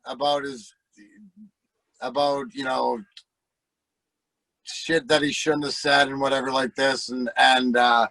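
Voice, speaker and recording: A middle-aged man, a former hockey player and podcast guest, telling profane stories in a casual, animated way and acting out the voices. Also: mid-range voice, takes it slowly, gravelly, long pauses, no echo, low-quality recording. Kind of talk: casual storytelling.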